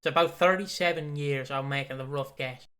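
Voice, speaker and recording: A man's voice: on the high side, brisk. A young man co-hosting a podcast, chatting casually about wrestling, rambling and swearing a lot as he tells stories. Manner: rambling, swears often, excitable storyteller. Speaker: podcast co-host.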